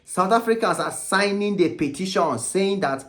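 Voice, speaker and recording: A man's voice: high voice, expressive, moderate pace, fairly bright tone. A man in his forties giving an argumentative opinion commentary that is full of pointed questions. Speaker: commentary vlogger.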